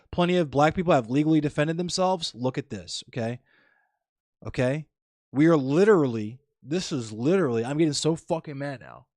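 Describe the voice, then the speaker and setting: A man's voice: a little high, a little mellow, no echo, studio quality. A man streaming live, lecturing his chat in a heated, profane political rant.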